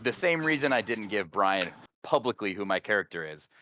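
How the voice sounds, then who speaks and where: A man playing a voice-chat deduction game, defending himself in a measured, argumentative way. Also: lowish voice, lively intonation, pushed and bright. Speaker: player. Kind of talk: arguing his case in a voice-chat game. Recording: dull voice-chat audio with faint hiss.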